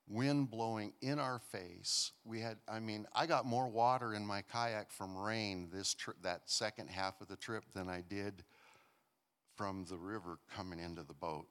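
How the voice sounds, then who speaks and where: A man telling a personal story in a casual, earnest way, with frequent restarts and soft laughs. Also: lowish voice.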